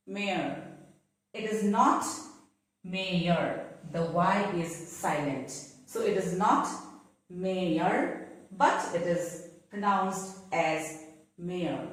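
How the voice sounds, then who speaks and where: A woman with an Indian English accent, a native Assamese speaker, teaching pronunciation patiently, spelling words letter by letter and repeating them. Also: on the low side. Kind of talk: slow spelled-out pronunciation lesson. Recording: echoey room.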